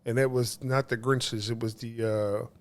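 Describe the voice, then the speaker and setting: A man, co-hosting a podcast in casual chat, excitable and profane, acting out quotes with a louder voice. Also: mid-range voice, measured pace. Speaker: podcast co-host.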